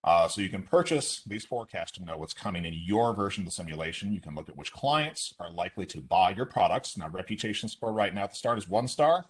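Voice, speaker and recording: A man with a low, slightly husky voice walks through a teaching simulation in an online webinar. His pitch rises and falls a lot as he explains briskly, dropping in quick asides. He speaks from his desk into a computer mic on a video call. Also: expressive. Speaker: instructor presenting a teaching simulation.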